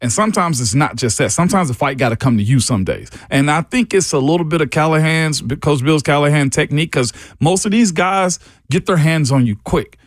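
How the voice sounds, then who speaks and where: A man's voice: a little high, fairly quick, hardly any pauses, no echo, studio quality. A man co-hosting a sports radio show, talking bluntly and in restarts as he breaks down line play. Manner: blunt, repeats himself, frequent restarts. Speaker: sports radio co-host, former lineman analyst.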